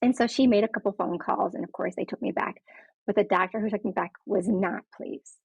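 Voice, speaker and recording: Her voice is mid-range and fairly even in intonation, a little fast, with vocal fry and a breathy edge. She is a patient sharing her story candidly and sincerely in conversation, playing out the people she quotes. The recording comes across dull, lo-fi and dry.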